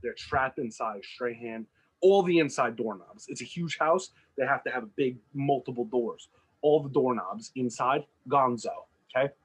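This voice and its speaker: Casually chatting on a podcast, a co-host describes a fictional film, animatedly acting out its characters' lines. His voice is mid-range and slightly rough at a normal pace, on a rough recording.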